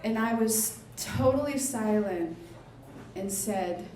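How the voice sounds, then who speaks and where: A woman tells a personal story to a live audience, taking her time and poking fun at herself, often breaking into laughter. Her voice sits a little high and unhurried. The roomy echo of a small venue surrounds her stage mic. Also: lively intonation. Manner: self-deprecating, laughs often while telling. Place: beach shack restaurant venue, indoors.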